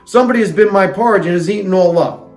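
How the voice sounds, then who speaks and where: A man's voice: high voice, fast talker, darkish tone, roomy sound, faint music behind, lightly acted. A man voicing a small child bear from a storybook in a little wee voice. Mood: upset.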